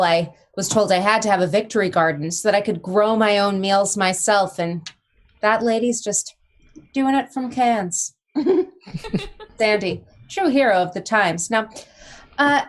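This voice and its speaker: A woman improvising as a mock-earnest news anchor in a live comedy sketch, often slipping into laughter. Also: mid-range voice. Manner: mock-earnest newscaster delivery, breaking into laughs.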